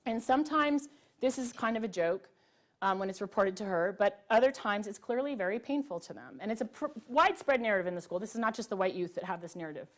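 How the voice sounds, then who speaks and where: A middle-aged woman giving an earnest, emphatic public talk to a live audience, pausing on rhetorical questions. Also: mid-range voice, expressive. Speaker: public speaker. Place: library event room with audience.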